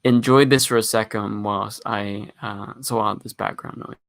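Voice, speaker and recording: A man's voice: on the low side, fairly even intonation, normal speed, gravelly. A young man hosting a casual livestream, reading chat questions aloud and rambling through his answers with plenty of fillers. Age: young adult. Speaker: livestream host.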